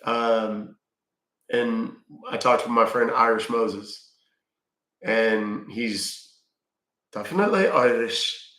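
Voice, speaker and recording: A man's voice: on the low side, level tone, extremely slow, pauses often, pushed and bright, echoey room. A middle-aged man from Texas hosting a casual livestream, reading viewer questions aloud and answering bluntly with dry jokes. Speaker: livestream host answering chat.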